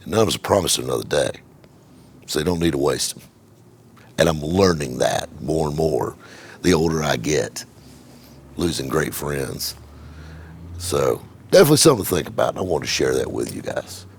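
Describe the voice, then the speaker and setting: A man's voice: rumbling low, big pitch swings, moderate pace, creaky, long pauses, breathy edge. A middle-aged man, a car dealer, telling a rambling, profane story in casual chat, with many repeated words. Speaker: car dealer and channel host.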